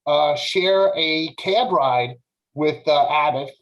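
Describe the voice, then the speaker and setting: A man on a podcast panel telling a casual, animated story with lots of filler words. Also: a little high, takes it slowly, lo-fi sound.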